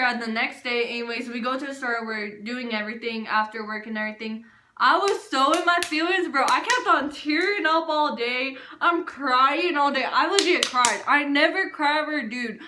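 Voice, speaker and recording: A young woman casually telling a storytime vlog, animated and full of filler words. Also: high-pitched, echoey room, slight background noise. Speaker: vlogger.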